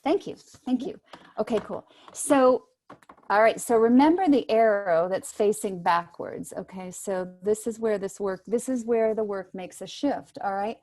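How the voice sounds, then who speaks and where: A woman voice teacher giving brisk, encouraging instructions to singers in an online workshop, heard over a video call microphone. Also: medium pitch, dark tone. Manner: brisk, encouraging coaching with spoken demonstrations.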